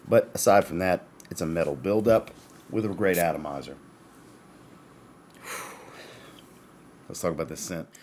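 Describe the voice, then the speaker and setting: Deep-voiced man reviewing fragrances. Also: slight background noise. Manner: chatty, descriptive, addresses viewers as guys. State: has the hiccups. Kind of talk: casual product review.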